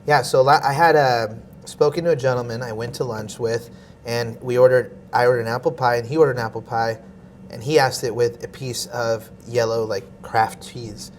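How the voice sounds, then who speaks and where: Man guest, mid pitch, laid-back slangy storyteller, faint ambience. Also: fairly even intonation, normal speed, slight background noise. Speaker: podcast guest. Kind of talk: casual chat.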